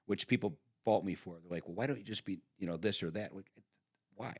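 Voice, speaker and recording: A man's voice: low-pitched, fairly quick, slightly rough, no room sound. A middle-aged man telling family stories on a podcast, swearing freely and laughing between stories, often restarting his sentences. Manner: animated storyteller, swearing, frequent laughs and restarts. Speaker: podcast guest, father of the host. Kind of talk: casual storytelling chat. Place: studio.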